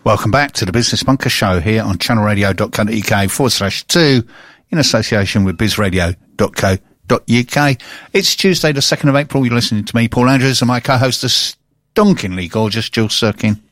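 Jokey English radio host, dry studio sound. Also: male voice, lowish voice, fairly quick, a bit bright, no room sound. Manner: jokey, teasing, chatty. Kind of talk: casual radio banter. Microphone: studio microphone.

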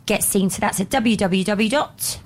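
A woman co-hosting a radio show, reading event listings in a brisk, upbeat way with teasing asides to her co-host. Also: mid-range voice. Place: radio studio.

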